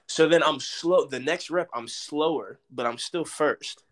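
A young man from Dallas talks casually as a podcast guest. He tells a story with energy and jumps into loud, animated quotes of what people said. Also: fairly high pitch, unhurried. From Dallas, Texas. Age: young adult. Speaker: podcast guest, former college football player.

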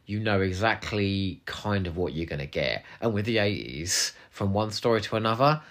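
A man's voice: low voice, vocal fry. A young man co-hosting a podcast, answering listener questions in a cheeky, playful way, often dropping into asides and whispers. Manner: animated, cheeky and playful, drops into whispers and laughs. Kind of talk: casual podcast chat.

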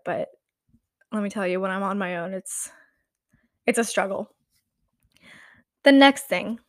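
A woman's voice: medium pitch, a bit bright, no room sound. Young woman rambling at home, lots of "like"s, dry close mic. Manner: rambling, many "like" fillers, laughs often. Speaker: vlogger. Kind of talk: casual confessional chat.

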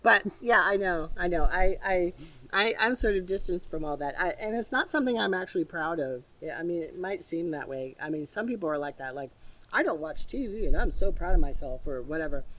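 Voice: mid-range voice, animated, brisk, pushed and bright, distant mic. An interviewer in their fifties with a lozenge in the mouth after a cold, talking in a rambling way full of restarts. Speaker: interviewer and radio host. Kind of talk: casual interview chat.

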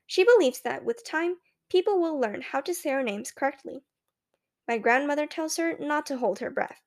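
A woman with a high, light voice narrates a children's audiobook. She reads in first person as a young boy, clear and measured, in a steady storytelling manner.

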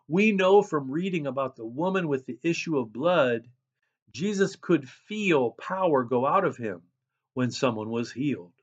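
Animated, unhurried man preaching a sermon. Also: on the high side, lo-fi sound. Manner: animated preaching, calls himself a loud person. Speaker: pastor.

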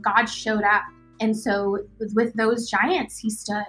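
A woman's voice: mid-range voice, little pitch movement, measured pace, a bit bright, soft background music, poor audio. Woman, podcast guest, sincere, reflective, casual chat.

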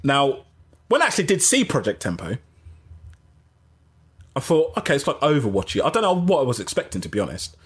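A man hosting a casual gaming livestream, rambling and animated, often interrupting himself. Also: medium pitch, a little fast, long pauses, breathy edge. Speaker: gaming channel host.

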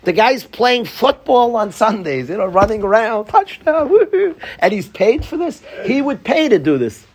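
A man's voice: sits high, very animated, normal speed, breathy edge. A man teaching a Torah class to students, pleading and passionate, joking with them at times.

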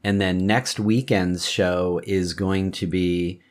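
A man hosting a podcast in a relaxed, chatty way. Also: sits low, slow pace. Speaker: podcast host. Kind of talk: casual chat.

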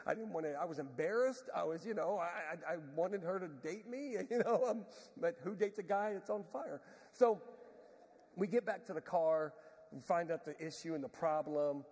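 Man preaching, very high husky voice, self-mocking storyteller, long hall reverb. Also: moderate pace. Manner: animated, self-mocking, laughs often. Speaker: pastor. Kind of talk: storytelling sermon.

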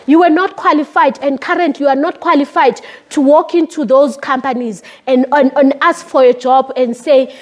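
A middle-aged woman delivers a sermon in a high, light voice. She preaches with animated energy, jumping up in pitch as she makes her points. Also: measured pace, few pauses. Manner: animated, code-switching with lively rises in pitch.

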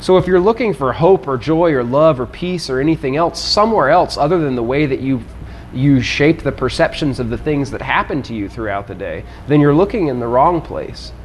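A man's voice: medium pitch, lively intonation, fairly quick. Earnest reflective man chatting. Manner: earnest, reflective, swears casually. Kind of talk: casual chat. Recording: faint background noise.

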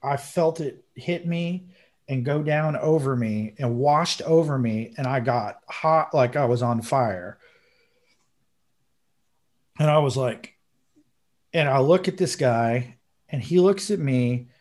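Dude host telling a story, casual and emotional, says bro a lot, average voice. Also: male voice, medium pitch, slow pace, long pauses, darkish tone. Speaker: podcast host.

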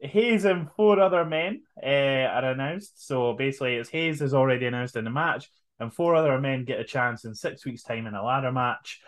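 A man's voice: medium pitch, moderate pace. A man co-hosting a casual podcast, laid-back and laughing often while recapping. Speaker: podcast co-host. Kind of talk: casual chat.

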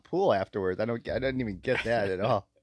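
A man's voice: fairly low pitch, quick pace, darkish tone, no room sound. A man co-hosting a podcast, chatting casually about a movie, jumping between points and laughing often. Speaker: podcast co-host.

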